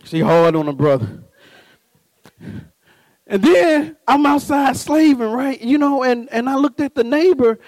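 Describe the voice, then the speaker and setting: A middle-aged man preaching with humor, telling stories, mimicking voices and laughing, swinging from low mutters to high shouts. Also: animated, unhurried, pauses often, dry recording, low-quality recording. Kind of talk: humorous sermon.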